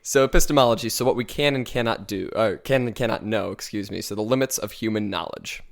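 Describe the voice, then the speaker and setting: Young man with a low, gravelly voice. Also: fast talker. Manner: dry, explains ideas step by step, corrects his co-host flatly. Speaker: podcast co-host. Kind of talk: casual podcast discussion.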